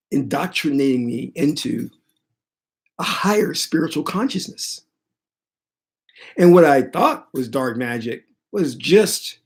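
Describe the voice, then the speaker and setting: Man, gravelly voice, animated monologue, spiritual storyteller. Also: on the high side. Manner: animated, dramatic retelling. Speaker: spiritual teacher.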